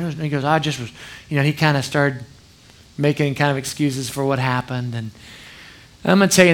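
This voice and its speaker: A man's voice: fairly high pitch, a bit bright. Conversational male pastor preaching. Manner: conversational, storytelling, frequent "okay?" asides. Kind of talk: sermon.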